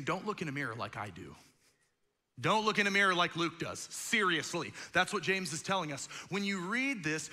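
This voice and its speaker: A man preaching a sermon as pastor, conversational and animated, acting out quotes and joking asides. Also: fairly high pitch, long reverb tail. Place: church auditorium.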